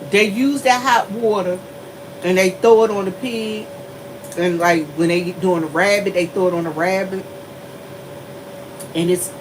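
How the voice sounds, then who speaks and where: A woman telling a story to her viewers in a casual, animated way. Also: a little hiss or hum, rough recording. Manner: animated, laughing often, shifts into high squeals. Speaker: vlogger.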